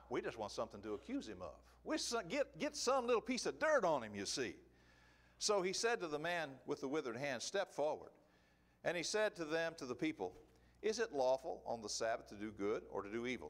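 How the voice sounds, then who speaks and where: A man preaching a sermon in an emphatic, animated way, asking rhetorical questions. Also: on the high side.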